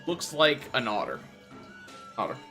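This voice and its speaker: Brief: lively, bright-voiced male game master. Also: medium pitch, measured pace, gravelly, faint music behind. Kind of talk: narrating a tabletop game.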